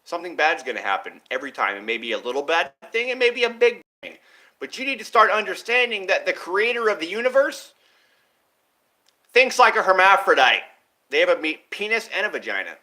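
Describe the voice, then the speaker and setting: A man with a high, bright voice delivers a rambling monologue to his viewers. He swears freely and lurches between topics, his pitch and loudness rising and falling sharply from one phrase to the next. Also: big pitch swings, a little fast. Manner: erratic, profane and rambling, with big swings in pitch and loudness. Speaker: vlogger.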